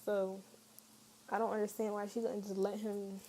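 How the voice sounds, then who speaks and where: A woman's voice: medium pitch, level tone, moderate pace, warm tone, slight background noise, poor audio. A young woman telling a personal story to camera in a casual storytime vlog, candid and chatty with lots of fillers. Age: young adult. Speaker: vlogger.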